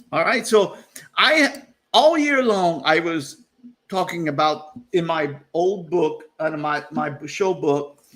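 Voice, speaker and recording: A man's voice: high-pitched, fairly bright tone. A man hosting a casual live-stream chat over a video call, rambling with lots of fillers and often laughing at himself. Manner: rambling, full of fillers and restarts. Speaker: host.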